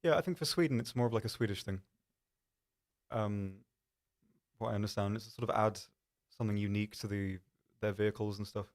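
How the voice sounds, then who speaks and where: A man's voice: on the low side, a little fast. A man hosting a live stream, chatting casually in a rambling, self-deprecating way with lots of ums. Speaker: stream host.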